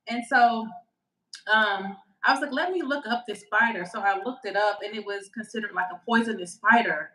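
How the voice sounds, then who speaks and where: A woman co-hosting a podcast over a video call, telling a story in a casual, animated way and acting out the dialogue. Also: on the high side, fairly quick, reverberant, low-quality recording. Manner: animated, excitable, acts out quoted dialogue. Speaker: podcast co-host. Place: her home during a storm.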